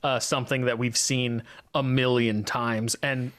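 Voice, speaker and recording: A man hosting a casual film podcast, steering the conversation in a measured way. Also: mid-range voice, level tone, fairly bright tone. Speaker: podcast host. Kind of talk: casual movie review chat.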